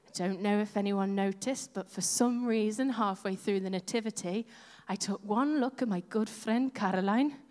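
A woman's voice: mid-range voice, moderate pace, a little mellow. A woman church leader giving a chatty, self-deprecating sermon from a church stage and talking with the congregation. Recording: long hall reverb.

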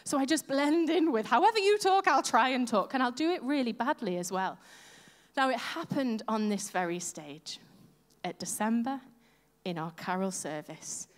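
A woman's voice: a little high, animated, normal speed. A woman church leader giving a chatty, self-deprecating sermon from a church stage and talking with the congregation. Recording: long hall reverb.

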